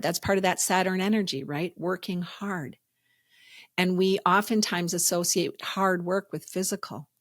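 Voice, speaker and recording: A woman's voice: fairly low pitch, measured pace, fairly bright tone, no room sound, studio quality. A woman hosting a spiritual self-help podcast, talking in an earnest, reflective way and telling stories. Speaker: podcast host.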